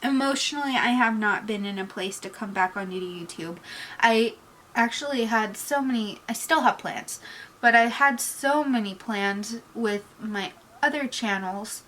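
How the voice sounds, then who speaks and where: A woman chatting casually in a get-ready-with-me vlog, candid and reflective, teary-eyed, trailing off into pauses. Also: a little high, fairly bright tone, poor audio. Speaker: beauty vlogger.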